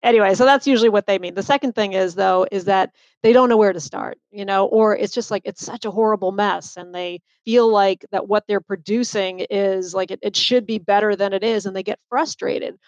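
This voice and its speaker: A woman's voice: mid-range voice, a little fast, hardly any pauses, dry recording, muffled recording. A woman author with a faint Boston accent, talking animatedly with lots of fillers in a podcast interview. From Boston area. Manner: animated, chatty, many fillers. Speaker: author and guest.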